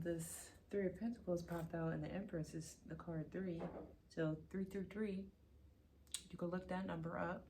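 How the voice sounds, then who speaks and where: A woman's voice: lowish voice, noisy background. Playful, emphatic woman reading tarot cards. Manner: chatty, playful and emphatic, teasing then insisting. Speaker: tarot reader. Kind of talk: casual pick-a-pile tarot reading.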